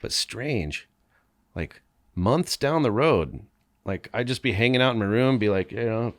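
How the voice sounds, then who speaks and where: Animated, lively-voiced man telling crude stories. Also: medium pitch, a little slow. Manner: animated, profane, laughing through anecdotes. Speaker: podcast guest, band member. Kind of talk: casual storytelling.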